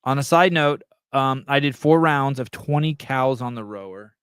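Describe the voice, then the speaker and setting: A man's voice: mid-range voice, normal speed, a bit bright, clean tone, no room sound, clean studio sound. A middle-aged man hosting a podcast, telling a rambling, profane story and reading chat comments aloud. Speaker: podcast host.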